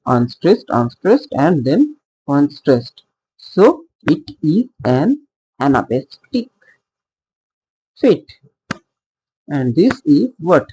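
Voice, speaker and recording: A man's voice: a little high, sing-song, drawn-out words, long pauses, warm tone, husky, poor audio. A man teaching a lesson on poetic meter. He talks hesitantly, with many fillers and self-corrections, and asks the class rhetorical questions that he answers himself. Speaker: literature teacher.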